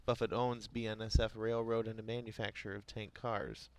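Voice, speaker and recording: A man's voice: fairly low pitch, flat delivery, fairly quick, dry recording. A man co-hosting a morning market show, chatting and then reading news headlines with occasional stumbles and self-corrections. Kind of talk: casual chat and news reading.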